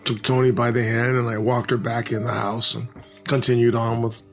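A man recounting a personal story in an earnest, halting way, with frequent restarts. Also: medium pitch, little pitch movement, soft background music.

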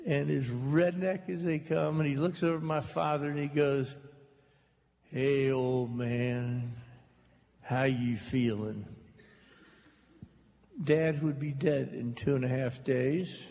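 An older man telling stories slowly and jokingly to a live audience in a hall. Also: fairly high pitch, creaky, darkish tone. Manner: slow, drawling, joking storyteller. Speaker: author on a talk stage. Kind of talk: storytelling at a public talk. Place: large hall before an audience. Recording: reverberant hall with faint noise.

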